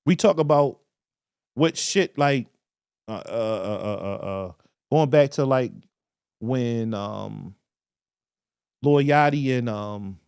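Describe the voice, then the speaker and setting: A man's voice: mid-range voice, takes it slowly, vocal fry, long pauses, clear, resonant tone, dry recording, clean studio sound. Man telling stories on a podcast. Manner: storytelling with animated quoted voices. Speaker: podcast co-host. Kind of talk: casual podcast chat.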